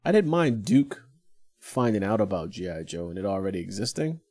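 A lively middle-aged man chatting casually, his pitch swinging widely as he jokes and laughs. His voice is mellow and warm, never sharp. He drops "man" into almost every sentence. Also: a little fast, husky. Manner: animated, laughs often, talks with a lot of "man". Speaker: podcast co-host. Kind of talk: casual chat.

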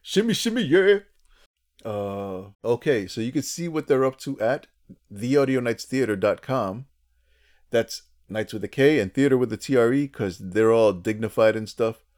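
A man's voice: lowish voice, moderate pace, a little mellow. Chatty man co-hosting a podcast. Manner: chatty, jokey, restarts often. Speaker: podcast co-host. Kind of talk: casual podcast chat.

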